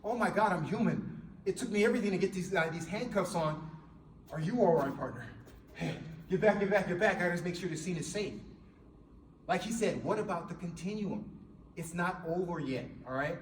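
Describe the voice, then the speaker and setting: Guy coaching police jiu-jitsu, kinda high voice, echoey gym, keeps saying right?. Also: lively intonation, brisk, far from the mic. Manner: emphatic, keeps checking in with "right?". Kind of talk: hands-on demonstration teaching. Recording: echoey room with faint background noise.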